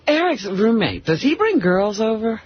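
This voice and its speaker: Male co-host, teasing and amused, high and very lively voice, muffled broadcast. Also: moderate pace. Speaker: radio co-host. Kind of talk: radio talk show banter. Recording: muffled radio broadcast with faint hiss.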